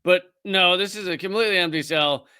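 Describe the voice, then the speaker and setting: High bright sarcastic male commentator. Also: fairly quick, clear, resonant tone. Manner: mocking, wry, thinking aloud with restarts. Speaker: comedian show host. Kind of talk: sarcastic commentary on news clips.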